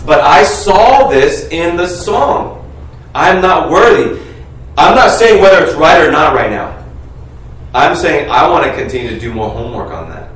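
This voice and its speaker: A man preaching a sermon, calling on the congregation to finish his sentences and shout out answers. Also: on the high side, normal speed. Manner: animated, coaxes the congregation to call out answers. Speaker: pastor. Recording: echoey room, heard from a distance.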